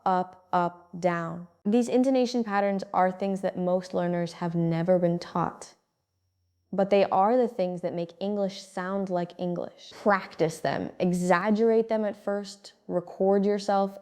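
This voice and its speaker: A woman giving a calm, scripted English-speaking lesson, pronouncing each word clearly and steadily. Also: medium pitch. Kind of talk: scripted instructional narration.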